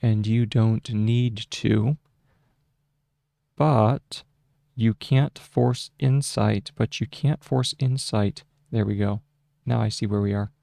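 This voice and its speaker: A man talks through a screen-share tutorial at a leisurely, halting pace, full of fillers and restarts as he thinks aloud. His voice sits somewhat low. The close desk microphone gives a dry sound with no room echo. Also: steady tone, vocal fry, warm tone. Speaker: shorthand tutorial host. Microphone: close desk microphone with a mute button.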